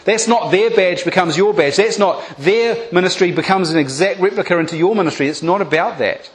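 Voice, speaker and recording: A man preaching a sermon, retelling a Bible story with lively acted-out voices and direct appeals to the congregation. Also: high-pitched, fairly quick. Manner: animated storytelling, acting out biblical voices.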